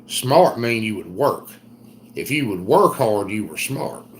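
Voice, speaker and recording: A man's voice: fairly low pitch, big pitch swings, slight background noise. Folksy Eastern North Carolina man. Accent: Eastern North Carolina Southern. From Southern United States. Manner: folksy, drawn-out storytelling. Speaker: livestream host. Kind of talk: casual live chat reading comments.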